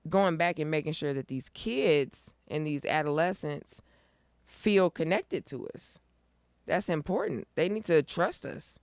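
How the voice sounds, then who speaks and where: A middle-aged woman chats as an interview guest, upbeat and emphatic, with a lot of push behind her points. Her voice is smooth and clean, and the sound is dry and close with no room around it. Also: low voice, a little slow, dry recording. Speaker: guest, nonprofit founder. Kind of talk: casual interview chat.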